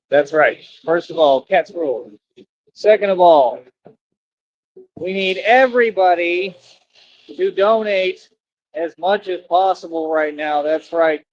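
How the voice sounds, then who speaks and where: Outdoors near traffic, a man with a high voice livestreams slowly and with long pauses. His casual talk rambles, preaches and circles back on itself as he asks for donations, all in dull lo-fi stream audio.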